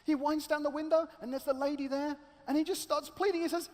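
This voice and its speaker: A man preaching a sermon as a dramatic, animated storyteller. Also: very high voice, fast, hardly any pauses. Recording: echoey large hall.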